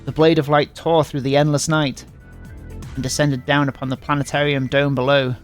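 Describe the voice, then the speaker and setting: A man's voice: a little high, little pitch movement, moderate pace, soft background music. A man reading a visual novel aloud in dramatic voices and breaking off now and then for muttered jokes. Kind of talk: dramatic reading with joking asides.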